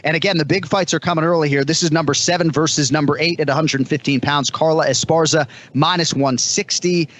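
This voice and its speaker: A man with a Boston accent hosts a podcast, reading out betting odds and quizzing his guests with brisk, stat-heavy questions. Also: on the high side, fairly even intonation, a bit bright, slight background noise. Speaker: podcast host. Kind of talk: fight preview, reading odds.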